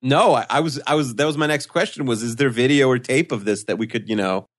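A man co-hosting a podcast, asking questions and adding quick jokes. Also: medium pitch, no echo, clean studio sound. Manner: quick-witted, jokey asides. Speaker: podcast co-host. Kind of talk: casual chat.

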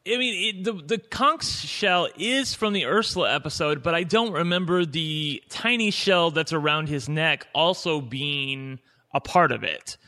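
A man's voice: a little high, lively intonation, a little slow, pushed and bright. A man from Indiana co-hosting a TV recap podcast, speaking candidly and opinionatedly in casual chat. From Indiana, USA. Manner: candid, opinionated, trails off and restarts. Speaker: podcast co-host.

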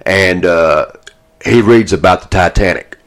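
A man with a low, deep voice chats in a relaxed, folksy way as a podcast co-host. He sounds easygoing and warmly enthusiastic about what he likes. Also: measured pace. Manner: laid-back, folksy and enthusiastic. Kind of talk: casual chat.

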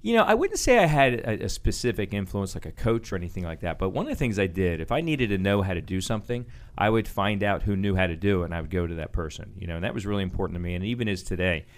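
A man with a very low voice speaks quickly, stories tumbling out as he answers interview questions. He talks with plenty of fillers and restarts, keeping a conversational flow. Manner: animated storytelling with frequent fillers and restarts. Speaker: guest, business owner.

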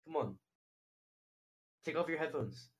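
A man in loud, excitable group chat banter, calling people out by name. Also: on the high side, a little slow, husky. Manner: loud and excitable, calls out names with "yo". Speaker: podcast co-host. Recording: voice chat with background hiss.

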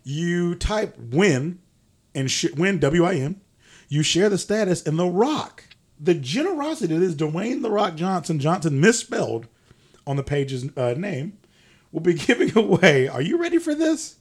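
Animated young man doing mock outrage. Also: on the high side, unhurried, slightly rough. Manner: animated, mock-incredulous, swears, laughs mid-sentence. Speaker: podcast co-host. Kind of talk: comedic podcast banter.

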